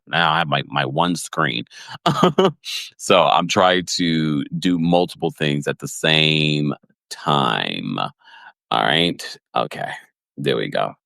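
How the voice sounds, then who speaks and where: Lively low-voiced man hosting a livestream. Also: gravelly, dry recording. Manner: animated, chatty, laughs often, plays up quotes. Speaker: podcast host recapping reality TV. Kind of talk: livestream recap and chat reading.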